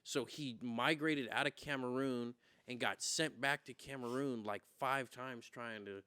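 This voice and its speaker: Brief: young male podcast host, crisp and dry, animated profane storyteller. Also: medium pitch, measured pace, no room sound. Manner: profane storyteller who acts out quotes loudly. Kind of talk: casual chat.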